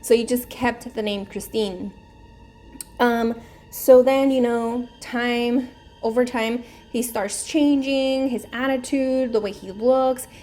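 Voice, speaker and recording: A woman's voice: on the high side, fairly even intonation, takes it slowly, warm tone, faint music behind. A woman hosting her own channel, casually retelling a movie plot in a rambling way, full of "like" and "um". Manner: rambling, heavy use of "like" and "um". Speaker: savings channel host.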